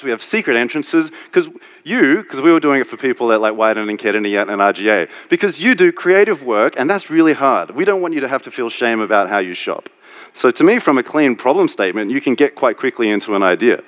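A man giving a candid, jokey live talk on stage, speaking into a stage microphone. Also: mid-range voice. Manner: candid, animated, jokey with the audience. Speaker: strategy speaker. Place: conference stage.

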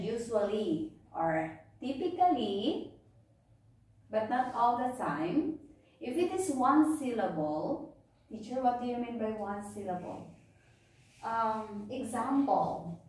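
A woman teacher giving a phonics lesson to children, patiently repeating words and checking understanding. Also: fairly high pitch. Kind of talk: slow classroom phonics lesson. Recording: echoey room, distant mic.

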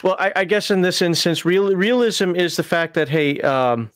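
A man hosting a casual panel discussion, asking questions with many halting restarts. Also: high voice, no room sound, studio quality. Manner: halting, restarts often while framing questions. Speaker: host of a role-playing panel stream.

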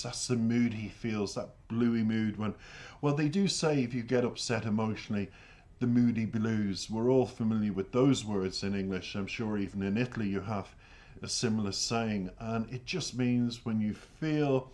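A middle-aged Irish man hosting a music reaction channel, talking in a halting, emotional way with sighs as he tells a personal story. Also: mid-range voice, a little mellow. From Ireland. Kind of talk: reflective reaction commentary.

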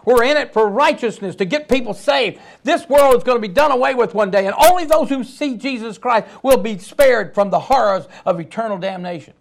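A man delivers a sermon in a high-pitched voice. He preaches emphatically, breaking into sudden loud outbursts. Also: fairly quick, creaky, hardly any pauses.

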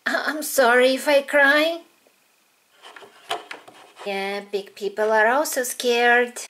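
A woman's voice: fairly high pitch, slow, fairly bright tone, slight background noise. A woman voicing dolls in a toy-play video, in a childlike, sing-song way. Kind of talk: toy play with doll voices.

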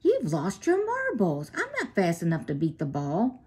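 A woman's voice: on the low side, wildly swooping pitch, moderate pace, a little mellow, slight background noise. A woman voicing a young boy ballplayer who protests with youthful doubt. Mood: protesting.

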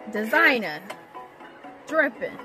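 High lively woman reacting and clowning around, music playing under it. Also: slow pace. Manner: playful, teasing, slangy. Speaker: reaction video host. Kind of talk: casual reaction commentary.

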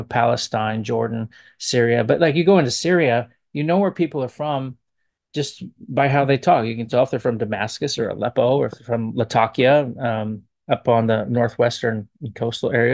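Man, professor, casual spoken commentary, relaxed and digressive, gravelly low-mid voice. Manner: relaxed, thinking aloud and digressing.

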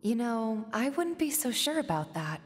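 An actress voicing a gentle, knowing young woman in a video game, speaking softly and reassuringly. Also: fairly high pitch, very animated, normal speed. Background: game music.

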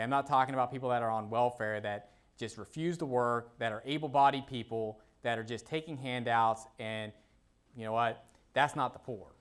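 Male pastor, mid-pitched, casual pulpit talk, checks in with "okay?", reads verses aloud. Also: a bit bright. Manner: conversational, peppered with "okay?" and "you know"; reads scripture aloud in King James wording. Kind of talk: sermon.

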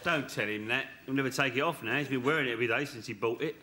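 A man's voice: medium pitch, very fast, reverberant, very noisy. A man teasing his fellow actor between takes of a comedy sketch, in a studio with an audience. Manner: teasing, laughing banter. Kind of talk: sketch outtakes, joking with crew.

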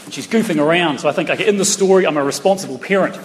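A middle-aged man from New Zealand races through his stand-up stories in a slightly high voice, chatting and throwing playful asides to the crowd. Picked up from far back in an echoey town hall via the stage mic and PA, the recording carries a little hiss or hum. Laughter from the audience fills the background.

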